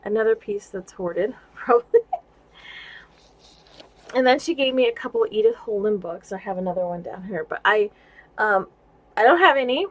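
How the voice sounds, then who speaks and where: A woman vlogging casually about craft gifts she received, gushing and excitable and laughing often, at home indoors. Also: medium pitch, normal speed, pauses often, lo-fi sound. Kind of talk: casual show-and-tell vlog.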